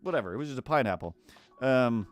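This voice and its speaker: A man's voice: medium pitch, lively intonation, fast talker, faint music behind. A Canadian man rambling casually on a live stream while he draws, self-mocking and full of fillers and restarts. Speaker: streamer and cartoonist.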